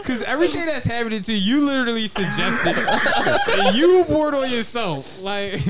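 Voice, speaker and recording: A man's voice: extremely high pitch, wildly swooping pitch, normal speed, over a noisy crowd. Teasing, slangy man from Philadelphia. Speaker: comedian guest. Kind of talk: casual chat. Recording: heavy background noise.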